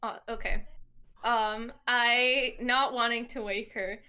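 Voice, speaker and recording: Woman tabletop player, first person, hesitant, high bright voice. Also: fairly even intonation, takes it slowly, smooth. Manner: hesitant, full of fillers and restarts.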